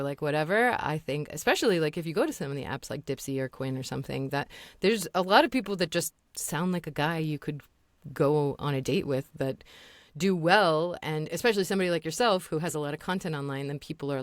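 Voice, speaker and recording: A woman voice actor and audiobook narrator chatting as a podcast guest, talking quickly with many fillers. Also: low-pitched, no room sound, studio quality. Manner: animated, fast, full of fillers. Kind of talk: casual podcast conversation.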